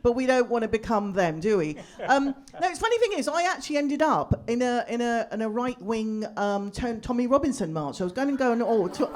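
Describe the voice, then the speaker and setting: Animated woman doing stand-up. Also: on the high side, fairly quick, few pauses. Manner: chatty, teasing the crowd with rhetorical asides. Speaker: stand-up comedian. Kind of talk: stand-up comedy set. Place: live comedy venue with audience.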